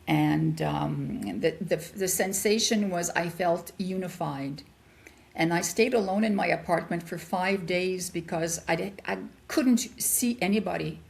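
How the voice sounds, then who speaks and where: An older woman, a guest in an interview, telling a personal story in an animated way and acting out the voices she quotes. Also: lowish voice, measured pace, vocal fry.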